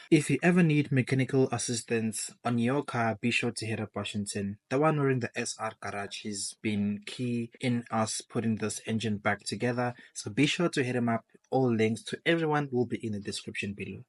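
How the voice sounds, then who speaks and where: A man's voice: mid-range voice, no echo. A man narrates his car rebuild in a laid-back, chatty way, speaking straight to his viewers. His voice sits in a middle range. It is a close, dry voice-over recording. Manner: relaxed, chatty walkthrough, addressing viewers as guys.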